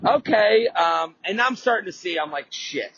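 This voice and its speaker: A man's voice: fairly high pitch, expressive, a little fast, sharp tone, breathy edge, highs cut off. A man hosting a podcast, telling a casual, rambling story full of swearing and restarts. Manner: rambling, profane, lots of restarts and fillers. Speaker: podcast host.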